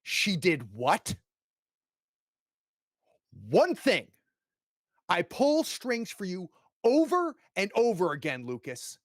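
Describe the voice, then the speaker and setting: Man doing a tyrannical rich dad, loud and cutting, raised voice, dry close sound. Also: mid-range voice, dry recording. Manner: cold, commanding, shouting threats. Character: domineering wealthy older father, cruel and angry.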